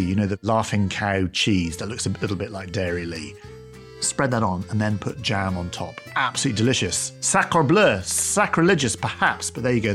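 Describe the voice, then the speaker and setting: A man presents a history podcast in a playful, theatrical manner. His pitch swings widely. Soft music sits underneath him at times. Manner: playful, theatrical, with mock French exclamations. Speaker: podcast host.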